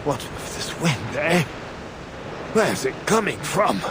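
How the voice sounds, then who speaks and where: A coughing, pleading beggar. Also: male voice, a little high, very animated, noisy background. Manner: pleading, slow and weary. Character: coughing, shivering poor man begging for a blanket. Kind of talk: game voice acting.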